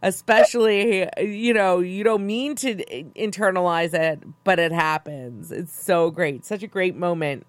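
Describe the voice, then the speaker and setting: A woman's voice: lowish voice, unhurried, hardly any pauses, dry recording. A woman co-hosting a casual chat, rambling with many fillers.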